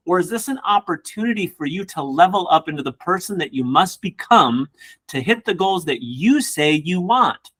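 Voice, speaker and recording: A man who works as a real estate coach, giving an energetic motivational class with casual joking asides. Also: high-pitched, normal speed. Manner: energetic, acts out quoted people in voices.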